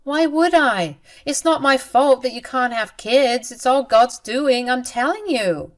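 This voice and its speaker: A woman's voice: high-pitched, lively intonation, measured pace, voice pushed up. A woman voicing a spiteful, smug young sister-in-law in a dramatized story. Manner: smug, dismissive.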